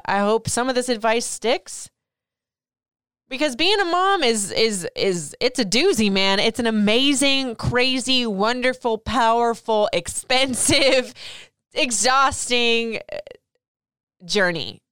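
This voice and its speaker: A woman's voice: a little high, animated, unhurried, a bit bright, clear, resonant tone, dry recording, studio quality. Tender, tearful woman podcast host. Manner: emotional, tearful, addressing her young son directly. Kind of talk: heartfelt podcast monologue.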